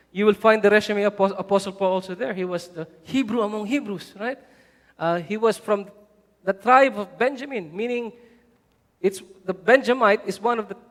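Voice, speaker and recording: High-voiced male pastor in a reverberant church. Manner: animated preaching, rising loud for emphasis; conversational, frequent "right?" asides. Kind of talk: sermon. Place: church hall. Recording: long church-hall reverb.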